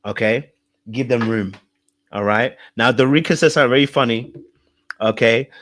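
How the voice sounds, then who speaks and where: A man's voice: mid-range voice, normal speed, fairly bright tone, slight background noise. A man coaching viewers on relationships in a live-stream talk, emphatic and repetitive, often checking in with the audience. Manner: emphatic, repeats points, checks in with "okay? all right?".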